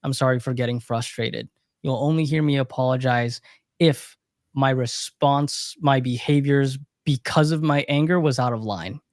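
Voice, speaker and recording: A man's voice: medium pitch, normal speed, dry recording, studio quality. A young man co-hosting a livestream Q&A as a recovery coach, talking earnestly and reflectively with emphatic repetition. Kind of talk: casual livestream Q&A talk.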